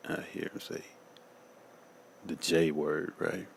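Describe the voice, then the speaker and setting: Deep gravelly man telling a testimony. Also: level tone, measured pace, a bit bright, slight background noise. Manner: casual, slangy, keeps saying "man" and "you know". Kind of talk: personal testimony.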